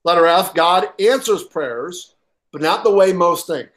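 A man preaching a sermon as pastor, stressing points with pauses for effect, repeating key lines and often filling gaps with "uh". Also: sits high, expressive, fairly bright tone. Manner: halting with frequent uh fillers.

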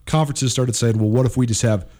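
A man's voice: mid-range voice, fairly even intonation, fast, mellow. A man in a mid-range voice co-hosts a sports talk show. He sounds stuffed up from allergies and explains points in a plain, conversational way.

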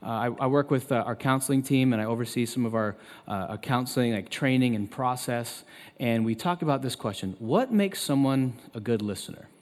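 A man in his thirties preaching a sermon as pastor, turning loud and emphatic when he quotes scripture. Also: a little fast. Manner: emphatic, loud and high when quoting God. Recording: long reverb of a large hall.

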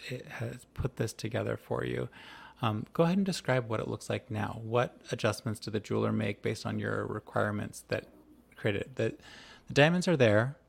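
Gravelly-voiced man running a tabletop game. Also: lowish voice. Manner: hesitant, many restarts and questions. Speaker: game master.

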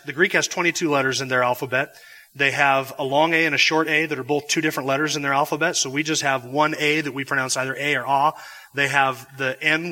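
A man's voice: mid-range voice, bright, forceful tone. A man teaching a Bible class in a classroom or church hall, explaining patiently with frequent restarts. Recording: long hall reverb.

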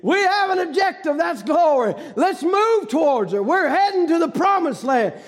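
A man preaching a fiery sermon, shouting emphatically and hammering home repeated rhetorical questions. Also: extremely high pitch, sing-song, normal speed.

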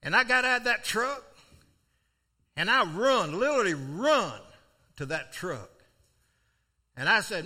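Lively bright-voiced preacher. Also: male voice, high-pitched, moderate pace. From South Florida. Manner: folksy, lively storytelling with sudden shouts. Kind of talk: storytelling sermon.

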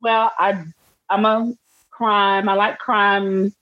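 A woman's voice: mid-range voice, level tone, slow pace, no room sound, lo-fi sound, faint music behind. A woman hosting a podcast in a casual chat, with a playful, teasing manner. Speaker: podcast host.

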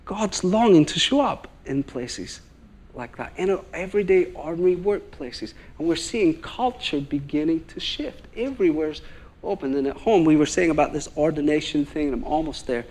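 A guest preacher from Northern Ireland, speaking at a moderate pace with a voice on the high side, delivers a sermon built around a story. He narrates it with animation, impersonating the people he quotes.

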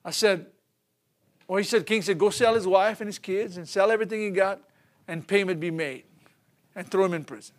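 A middle-aged man, preaching a sermon in a folksy, animated storytelling way. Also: high-pitched, brisk, long pauses.

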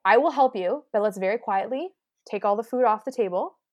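A woman in her thirties, a wedding planner chatting casually with a co-host. She tells a story in an animated way and acts out the quotes. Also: a little high, a little fast.

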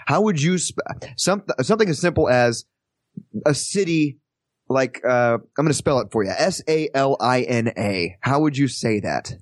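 A man from Kansas chats as a podcast guest, rambling and animated, circling back on his own sentences. His voice sits at an ordinary pitch for a man. It is recorded close and completely dry, with no room sound. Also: moderate pace, dry recording. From Kansas, USA. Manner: animated, rambling with many restarts. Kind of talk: casual chat.

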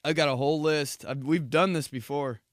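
A man's voice: a little high, steady tone, brisk, dry recording, clean studio sound. A man hosting a podcast and telling crude, rambling comic stories in a casual monologue. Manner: crude, rambling, jokey storytelling. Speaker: podcast host.

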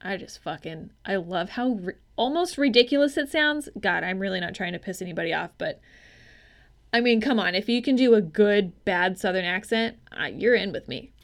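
A woman's voice: mid-range voice, animated, moderate pace. A woman co-hosting a casual movie-review podcast, talking bluntly and swearing, with lots of ums and hedges. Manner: blunt, profane, chatty with hedging fillers. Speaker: podcast co-host.

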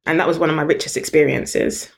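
A British woman, a guest in an interview, telling stories in an animated, chatty way and laughing often. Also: deep voice, quick pace, gravelly. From Britain. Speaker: guest entrepreneur. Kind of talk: storytelling in an interview.

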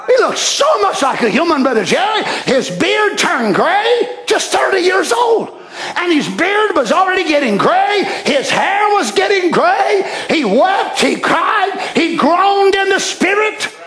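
A man preaching a fervent evening sermon in church, shouting passages and then dropping to quiet asides. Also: extremely high pitch, very animated, takes it slowly. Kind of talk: impassioned sermon. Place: church sanctuary. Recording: echoey church hall.

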